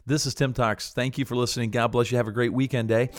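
A middle-aged man hosting a ministry podcast, talking earnestly and encouragingly, with many pauses and fillers. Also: mid-range voice, level tone. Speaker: podcast host, preacher. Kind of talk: casual podcast talk.

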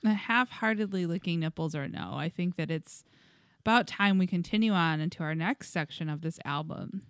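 A woman's voice: lowish voice, moderate pace, smooth, no echo, clean studio sound. A woman co-hosting a podcast, leading the chat into the next segment. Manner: leads segments, laughs easily. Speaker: podcast co-host. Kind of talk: casual chat.

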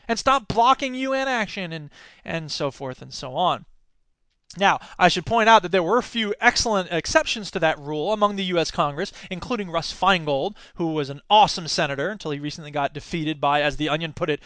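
An American man in his thirties telling a story in a talk, animated, acting out quoted voices, with many fillers and restarts. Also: high voice, fairly quick, smooth, no echo. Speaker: speaker giving a talk. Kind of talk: storytelling lecture.

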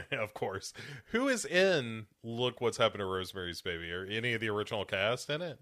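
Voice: mid-range voice, big pitch swings, fairly quick, fairly bright tone, dry recording. A podcast co-host in casual movie chat, teasing with dry sarcasm.

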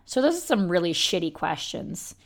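A woman who belly dances gives a reflective self-help talk, speaking candidly and gently with the odd casual swear word. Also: on the low side, big pitch swings, normal speed, creaky. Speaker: belly dancer sharing self-healing practice.

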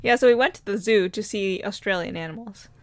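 A young woman recounting a trip in relaxed casual chat, laughing now and then. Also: mid-range voice, brisk, no echo. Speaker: travel storyteller.

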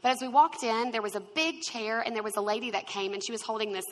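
A woman telling a personal story in a conversational, lively way. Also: a little high, quick pace. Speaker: speaker sharing her story. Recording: long reverb.

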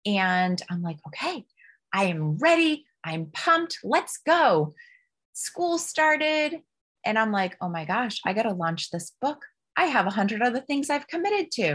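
A woman's voice: a little high, measured pace. Candid woman guest sharing openly. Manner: open, emotional, expressive. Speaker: podcast guest, business coach. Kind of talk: candid personal storytelling.

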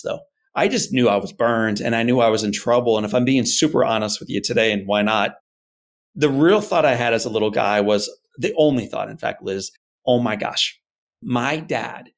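A man being interviewed, telling a personal story in an earnest, animated way and acting out his parents' words. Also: mid-range voice. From United States. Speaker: guest.

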